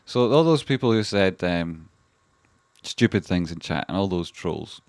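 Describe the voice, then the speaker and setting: A Scottish man with a low-pitched, expressive voice and darkish tone talks at a measured pace, with no echo. Hosting a casual livestream, he chats about charts in a rambling way, swearing heavily.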